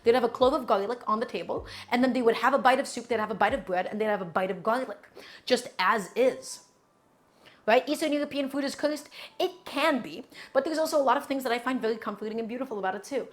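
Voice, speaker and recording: A woman's voice: a little high, fast talker, soft background music. A woman hosting a cooking stream, chatting casually and playfully to her viewers as she cooks. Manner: chatty and playful, often says "my friends".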